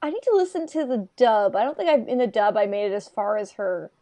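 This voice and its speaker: A woman's voice: mid-range voice, big pitch swings, fast, mellow. A woman co-hosting a podcast, recapping an episode in casual, rambling chat full of "like". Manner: chatty, rambling, frequent "like" fillers. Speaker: podcast co-host.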